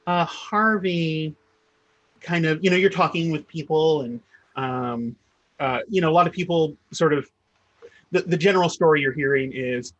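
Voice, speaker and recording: A man narrating as game master, halting often with fillers and restarts. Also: fairly high pitch, lo-fi sound.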